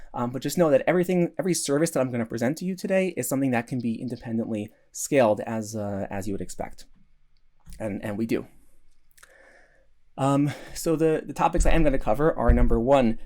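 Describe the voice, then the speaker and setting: A man's voice: mid-range voice, darkish tone. A man giving a recorded conference talk, earnest, with many restarts and fillers. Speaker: conference speaker.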